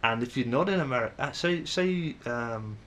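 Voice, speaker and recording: A man's voice: medium pitch, lively intonation, moderate pace, fairly bright tone, slight background noise. A young Englishman with an English accent, musing to camera in a rambling, hesitant way with many fillers and restarts. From England. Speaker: vlogger.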